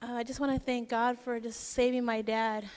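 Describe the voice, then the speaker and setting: A woman's voice: fairly high pitch, little pitch movement, moderate pace, darkish tone, clear, resonant tone. A woman giving a casual, joking eulogy for her father at a church service, telling stories in a chatty way. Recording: long reverb in a church hall.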